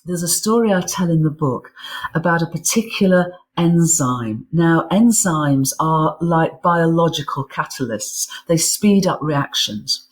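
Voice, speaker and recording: A woman's voice: low voice, animated, a little slow. A woman being interviewed as an author, explaining science with enthusiasm and often repeating words as she builds her thoughts. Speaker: guest author and physicist. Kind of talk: interview conversation.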